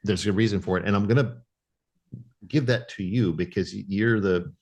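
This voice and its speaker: A man's voice: fairly low pitch, moderate pace, darkish tone. A man co-hosting a casual spiritual podcast, talking tentatively as he thinks aloud. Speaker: podcast co-host.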